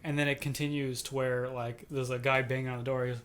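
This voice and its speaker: Animated man retelling a trailer. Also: medium pitch, quick pace, few pauses. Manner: animated storyteller, acts out quoted lines. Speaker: podcast co-host. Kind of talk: casual chat.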